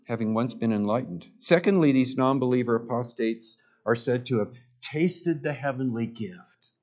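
A man's voice: mid-range voice, normal speed, a little mellow. A man preaching a sermon as pastor, earnest and emphatic, with repeated words and direct questions to the congregation.

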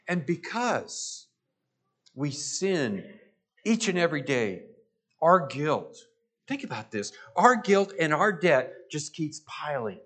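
A man's voice: mid-range voice, a bit bright. A man preaching a sermon, emphatic, swelling and dropping his voice and repeating phrases for stress. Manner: emphatic, rising and falling for stress.

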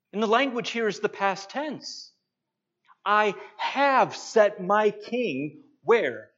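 A man preaching a sermon, slow and emphatic, pausing to stress his points. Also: high-pitched, lively intonation, a bit bright. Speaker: pastor. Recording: dull lo-fi sound.

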